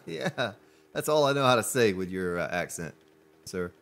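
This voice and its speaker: A man's voice: fairly low pitch, animated, normal speed, creaky, fairly bright tone. A man chatting to viewers while he streams a survival game, joking and commenting as he plays. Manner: chatty, jokey, talks to viewers. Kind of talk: live gameplay commentary.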